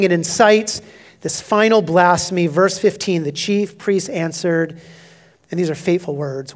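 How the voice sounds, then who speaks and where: Loud declarations give way to hushed, near-whispered asides as a male pastor preaches an emphatic expository sermon, his voice sitting high at a moderate pace.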